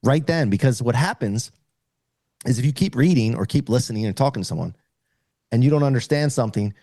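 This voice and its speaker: A middle-aged man talks as a podcast guest, earnest and explanatory, often restarting his sentences. His voice is dark and mellow, recorded dry and close with no room sound. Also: mid-range voice, animated, brisk, no room sound. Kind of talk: casual conversation.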